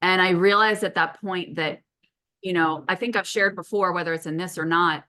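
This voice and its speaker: Hosting a laid-back podcast conversation, this middle-aged woman tells animated stories and swears casually. Her voice is bright and forward yet on the low side, and she speaks at a moderate pace.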